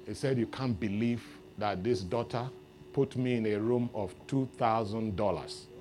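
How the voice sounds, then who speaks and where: A man preaching a sermon, telling a story with lively rises into loud exclamations. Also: fairly low pitch, unhurried. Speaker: pastor.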